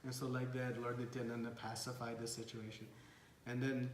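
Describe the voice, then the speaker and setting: A man telling a devotional story as a sermon, animated and acting out the characters. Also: medium pitch, moderate pace, echoey room, slight background noise. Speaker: devotional speaker.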